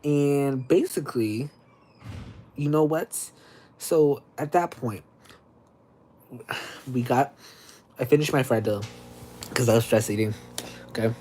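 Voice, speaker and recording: A livestream host telling a story in an animated, dramatic way, with sudden squeaky high exclamations. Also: male voice, slight background noise. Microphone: streaming setup.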